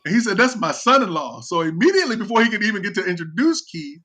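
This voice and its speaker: A man's voice: high-pitched, very animated, very fast, fairly bright tone. A man on a video call telling a funny family story, chuckling often, full of fillers, and mimicking his relatives. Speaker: guest storyteller.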